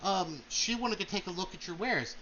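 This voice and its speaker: Man voicing a boastful dwarf trader, booming and high, a gravelly voice on a dull recording. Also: lively intonation, normal speed, bright, forceful tone, a little hiss or hum. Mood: hawking. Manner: booming, pushy hawker. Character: loud boastful male dwarf merchant smith.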